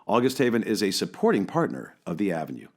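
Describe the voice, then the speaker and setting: Male radio host, measured announcer read, lively pitch movement. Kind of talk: scripted radio announcing and interviewing.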